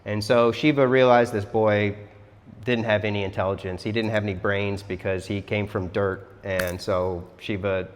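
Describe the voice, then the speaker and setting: Casual male storyteller-teacher, relaxed and chatty, low voice, long reverb. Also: moderate pace, slight background noise. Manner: chatty, relaxed, says "like" a lot. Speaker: yoga teacher.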